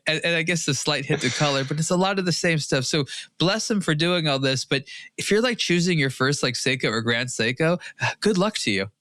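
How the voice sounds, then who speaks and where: A man's voice: a little high, expressive, fairly quick, bright, forceful tone, no room sound, clean studio sound. Rambling man in casual podcast chat. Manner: rambling, many fillers and restarts. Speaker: watch podcast co-host.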